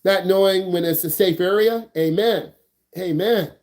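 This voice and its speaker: Hyped high-voiced male driving instructor. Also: a little slow, a little mellow. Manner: hyped, slangy, jokey, repeats questions. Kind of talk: energetic online class teaching.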